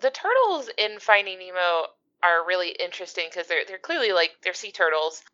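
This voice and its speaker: A woman from the US East Coast chats giggly on a podcast, with lots of "like". Her voice is lowish but bright and sharp, and it comes through a dull, lo-fi mic. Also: very animated, fairly quick. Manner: giggly, talks with many "like" fillers. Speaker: podcast co-host. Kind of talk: casual podcast chat. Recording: dull, lo-fi sound.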